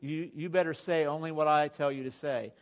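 A man's voice: fairly high pitch, fairly even intonation, brisk, lightly acted. A man voicing God giving a stern, plain-spoken warning.

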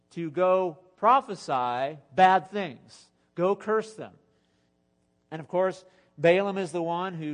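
Animated, joking preacher man. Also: on the high side. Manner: animated, exhorting, with joking asides. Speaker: pastor. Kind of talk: sermon.

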